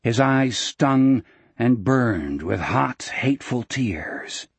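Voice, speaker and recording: A man reading a novel aloud as narrator, in a measured, steady manner. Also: mid-range voice, slightly rough, no echo. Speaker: audiobook narrator. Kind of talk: scripted narration.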